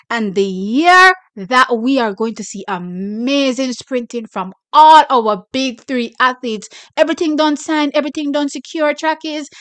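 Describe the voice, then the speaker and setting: Excitable Jamaican woman hosting sports news. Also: high voice, no echo. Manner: excitable, hyping, reads a press release aloud with asides. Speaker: sports channel host. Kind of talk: casual track-and-field news commentary.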